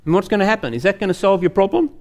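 Earnest male preacher, high-pitched, storytelling sermon. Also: animated, very fast, a little mellow.

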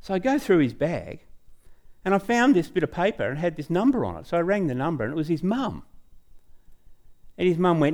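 A man's voice: fairly high pitch, brisk. An Australian man giving a testimony in a rambling, chatty way. His voice rises and falls a lot as he goes along. He keeps coming back to his story with "anyway". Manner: animated, chatty, trails off with "anyway". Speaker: speaker at a church talk.

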